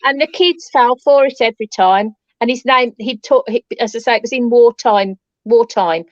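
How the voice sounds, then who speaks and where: A woman on a paranormal chat panel, telling a lively anecdote and repeating phrases as she goes. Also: fairly high pitch, moderate pace, dry recording, muffled recording. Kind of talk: casual chat.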